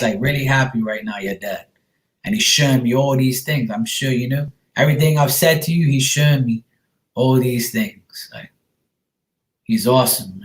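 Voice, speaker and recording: Man, medium reading, casual, reassuring, roomy echo. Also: medium pitch. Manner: casual, reassuring, calls listener sweetheart. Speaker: psychic medium. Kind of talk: live reading to a viewer. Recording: echoey room.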